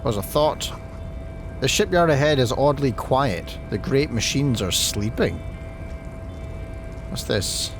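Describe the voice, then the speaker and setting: A man's voice: medium pitch, lively intonation, takes it slowly, long pauses, over music. A man with a Scottish accent giving casual, chatty gameplay commentary and reading game text aloud. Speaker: let's play host.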